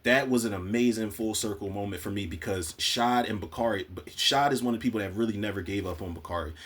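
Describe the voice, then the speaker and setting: A man's voice: fairly low pitch, fast, fairly bright tone, slightly rough. A man giving a casual, profane spoiler recap of a TV episode, acting out the characters' lines as he goes. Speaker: TV recap podcaster.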